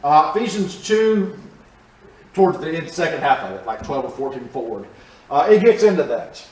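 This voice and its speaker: A man with a high voice teaches a Bible study to his class in a church room. He explains the passage conversationally and keeps quizzing his listeners. He's picked up from across an echoey room. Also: lively intonation, moderate pace, darkish tone. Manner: conversational, asks the class questions. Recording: roomy, from a distance.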